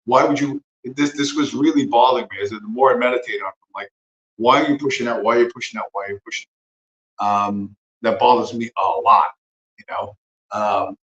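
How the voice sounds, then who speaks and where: A man's voice: medium pitch, fairly bright tone, roomy sound, dull audio. A man hosting a livestream, talking in a profane, rambling, sarcastic way. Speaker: livestream host. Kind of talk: casual rambling commentary.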